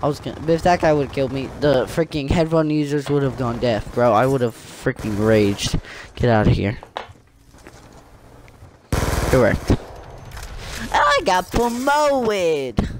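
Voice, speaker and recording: A young man giving excitable, joking commentary over his own gameplay, trash-talking and yelping at sudden moments. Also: medium pitch, measured pace, long pauses. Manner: excitable, jokey trash talk with sudden yelps. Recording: faint gunfire and game noise. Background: gunfire from the game.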